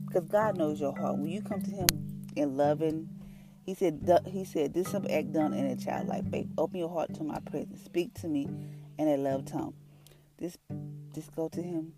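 A woman's voice: low voice, normal speed. A woman in giving a casual, earnest devotional talk as a podcast host, colloquial and full of fillers. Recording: music bed behind voice.

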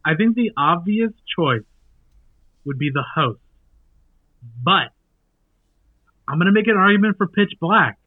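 A man's voice: high voice, expressive, unhurried, long pauses, no echo. A man joining a casual podcast chat as a panelist, talking in an earnest, rambling way. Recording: dry, phone-like audio.

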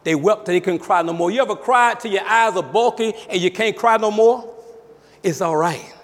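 A male pastor preaching a sermon with emphatic call-outs, his voice sometimes rising to a shout. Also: high-pitched, normal speed, in a large hall.

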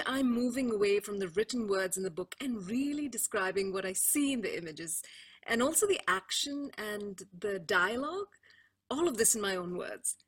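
A woman's voice: mid-range voice, fairly bright tone, husky. A woman storyteller describing her preparation step by step in a methodical way. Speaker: storyteller, panelist.

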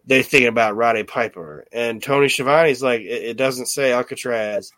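A man's voice: medium pitch, normal speed, dry recording. A man hosting a podcast, casually recapping an old wrestling show in a rambling, profane way and acting out what people said. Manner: rambling, profane, animated retelling with quoted voices. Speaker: podcast host.

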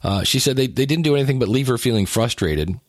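A man's voice: medium pitch, animated, quick pace, dry recording, clean studio sound. A man talking casually about exercise and weight loss, with joking, self-deprecating asides and frequent restarts. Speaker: health and weight-loss talker. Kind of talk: casual monologue.

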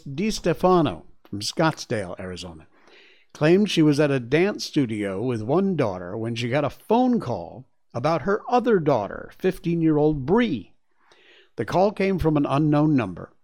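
A man's voice: fairly high pitch, darkish tone. A man hosting a show, reading news stories aloud and reacting with chatty, exclaiming asides. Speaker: show host. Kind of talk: casual commentary on news stories.

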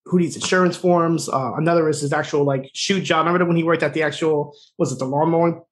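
A man's voice: a little high, fairly even intonation. A man co-hosting a podcast, casually retelling a TV episode with lots of "like" and quoted lines. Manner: rapid, filler-heavy retelling, acting out quoted lines. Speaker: podcast co-host. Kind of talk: casual recap chat.

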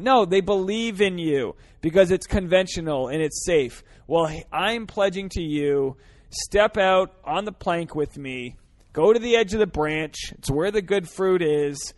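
A man hosting a solo podcast from his parked car, ranting earnestly with lots of swearing, swinging between fired-up pleas and quieter reflection. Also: high-pitched, lively intonation, unhurried, no room sound. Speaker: podcast host.

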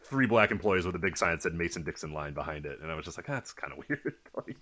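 Lively fast-talking man. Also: low-pitched. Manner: animated storyteller, acts out voices in anecdotes. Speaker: podcast co-host. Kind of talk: casual chat.

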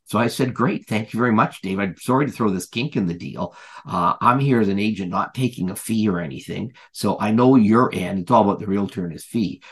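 A man's voice: fairly low pitch, brisk, slightly rough. A man who is a podcast guest, telling a long story in casual chat, rambling with many fillers and restarts and retelling what people said.

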